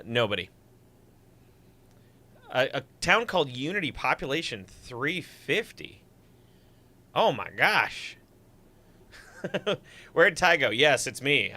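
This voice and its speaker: A man's voice: mid-range voice, bright, forceful tone. A man from Superior, Wisconsin, a guest musician joking dryly in casual livestream chat. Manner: dry joking banter.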